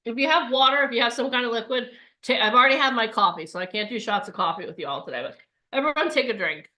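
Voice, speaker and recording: A woman's voice: fairly high pitch, lively intonation, fast talker, pushed and bright. A woman coaching an online bootcamp, talking in an upbeat, chatty way and acting out the voices of people's inner thoughts. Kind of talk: live online workshop talk.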